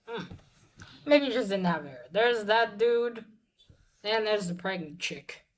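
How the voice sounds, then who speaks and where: A woman's voice: medium pitch, expressive, takes it slowly, low-quality recording. A woman giving a casual comic book review, chatty and profane, with many fillers and restarts.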